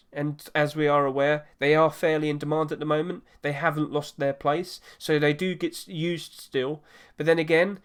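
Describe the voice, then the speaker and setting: A man's voice: a little high, smooth. A man talking casually on his own about market prices, rambling a little and correcting himself as he goes. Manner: rambling, self-correcting, chatty. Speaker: gaming market commentator. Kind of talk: casual solo commentary.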